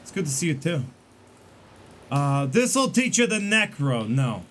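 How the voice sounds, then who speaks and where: Rambly streamer guy chatting while he plays, kinda high voice, bit of hiss. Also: very animated, unhurried, a bit bright. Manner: rambling, chatty, many fillers and restarts. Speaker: game streamer. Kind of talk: casual gameplay commentary.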